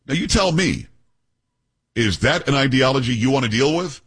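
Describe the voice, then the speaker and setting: A man's voice: medium pitch, animated, normal speed, fairly bright tone, breathy edge. A man hosting a talk radio show, telling stories emphatically and firing off rhetorical questions. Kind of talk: opinionated talk radio monologue.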